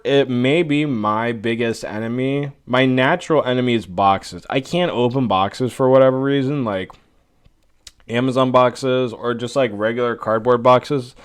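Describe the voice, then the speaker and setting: A man's voice: medium pitch, moderate pace, clear, resonant tone. Swearing, exasperated young man ranting. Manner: exasperated, swearing a lot, rambling. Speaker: podcast host. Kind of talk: casual solo podcast rant. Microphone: podcast microphone at a desk.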